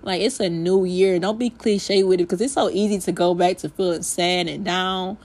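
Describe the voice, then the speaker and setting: A woman's voice: lowish voice, steady tone, moderate pace, darkish tone. A young woman hosting a faith podcast, speaking emotionally and close to tears, filling her talk with "like" and closing in spoken prayer. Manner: heartfelt, repetitive "like", ends in spoken prayer. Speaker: podcast host.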